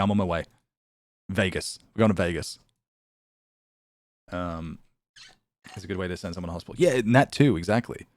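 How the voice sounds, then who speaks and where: A man streaming live, chatting casually with his viewers, reading out their messages and telling a funny story with lots of laughs. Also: low-pitched.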